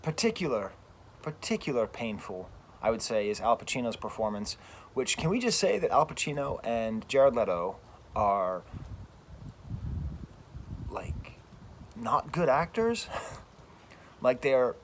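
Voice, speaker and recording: American man, French professor, casual rant, animated and emphatic, repeats himself, middle pitch, recorded outdoors, faint background noise. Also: unhurried, pauses often. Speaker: French professor, channel host.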